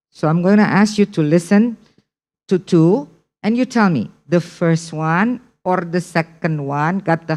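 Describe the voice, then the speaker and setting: Slow, deliberate woman teaching test prep. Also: mid-range voice. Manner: slow, deliberate teaching with repeated check-ins. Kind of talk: online English test prep lesson.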